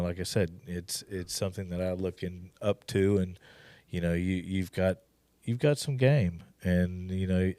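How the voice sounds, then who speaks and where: A man hosting a podcast, talking in a halting way with many fillers and restarts. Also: sits low, mellow, no room sound. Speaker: podcast host. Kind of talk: casual podcast chat.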